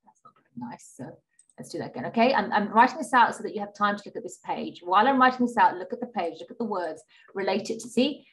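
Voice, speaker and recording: A woman's voice: mid-range voice, expressive. Patient woman teaching Qur'an reading. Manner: patient, repeats and checks with "okay?"; models Arabic sounds slowly, drawn out. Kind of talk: online class lesson.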